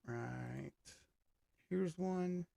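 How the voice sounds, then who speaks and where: A gravelly man hosts a casual live chart stream, his voice strained and starting to crack. He talks loosely and jokes as he reads chat, pitched a bit high for a man. The sound is dry and close. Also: very slow, mellow, dry recording. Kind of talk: casual livestream chart talk.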